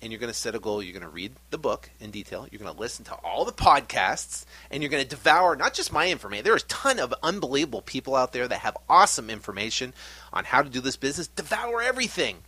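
A middle-aged man hosting a podcast, giving an energetic, animated pep talk. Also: mid-range voice, quick pace, husky, no room sound. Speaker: podcast host.

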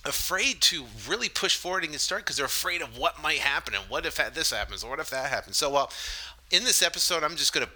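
A man hosting a solo podcast, delivering an energetic, salesy pitch with frequent fillers. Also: quick pace, low-quality recording. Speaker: podcast host.

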